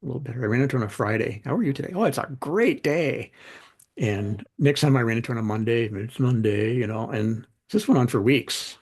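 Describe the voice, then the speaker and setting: Gravelly man telling life stories. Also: medium pitch, fast, hardly any pauses. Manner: animated anecdotes, acts out quoted dialogue. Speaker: podcast guest, author. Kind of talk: conversational storytelling.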